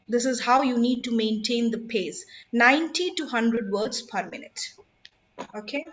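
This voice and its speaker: A woman's voice: a little high, a bit bright, dull audio. A woman, teaching public speaking in an emphatic, instructive way and putting questions to her audience. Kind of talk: online workshop talk.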